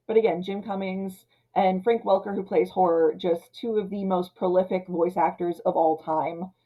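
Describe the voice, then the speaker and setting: A woman in her thirties casually ranting about an old film, retelling scenes and slipping into quick character voices. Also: fairly low pitch, fairly even intonation, dull audio. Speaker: film commentator. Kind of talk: casual movie rant.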